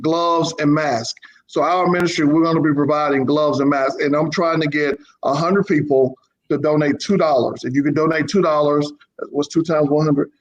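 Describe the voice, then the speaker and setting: A man with a slightly high voice speaks as a bishop on a talk show, earnest and impassioned. He leans on repetition to drive his point home, in a loose, conversational panel setting. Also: steady tone, normal speed, dull audio. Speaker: bishop and ministry leader. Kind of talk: casual panel talk with a donation appeal.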